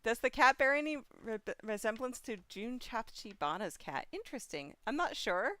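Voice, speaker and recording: A woman co-hosting a casual unboxing chat, slowly sounding out foreign words and laughing along. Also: on the high side, big pitch swings, sharp tone, no room sound. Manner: slow, halting, sounding out Japanese words with laughs. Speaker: co-host.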